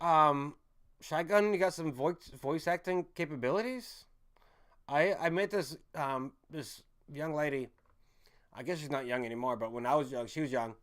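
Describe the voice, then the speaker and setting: A man's voice: fairly high pitch, normal speed, fairly bright tone. A young man streamer chatting casually, rambling, repeating himself and often apologizing.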